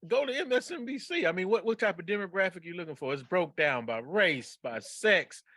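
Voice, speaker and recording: A fairly high-voiced man chatting on a podcast, with a playful, teasing manner. His pitch swings widely, and the sound is dry and close. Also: lively intonation, a little fast, bright, forceful tone, no echo. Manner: playful, teasing, bursts of laughter. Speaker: podcast co-host. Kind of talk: casual chat.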